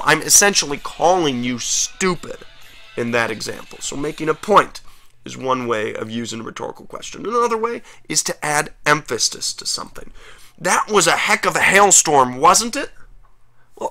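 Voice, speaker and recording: A man's voice: mid-range voice, pushed and bright. A man teaching a recorded grammar lesson, talking straight to students with energy and emphasis.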